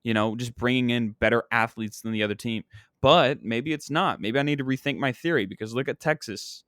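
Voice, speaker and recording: A young man hosts a solo podcast in casual chat, rambling and exasperated as he vents about his teams. His voice sits at an ordinary middle pitch for a man. The recording is dry and close, with little room sound. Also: brisk, a bit bright, dry recording. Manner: rambling, exasperated sports-fan venting with frequent "you know what I mean". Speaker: podcast host and comedian.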